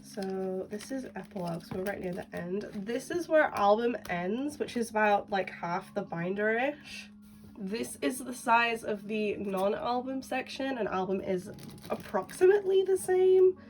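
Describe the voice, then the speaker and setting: A woman with a head cold, her voice nasal and deeper than usual, chatting casually through a collecting vlog. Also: lively intonation, a little slow, a little mellow. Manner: chatty, rambling, lots of "like". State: has a cold, blocked nose. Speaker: collecting vlogger. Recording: distant mic with faint background music.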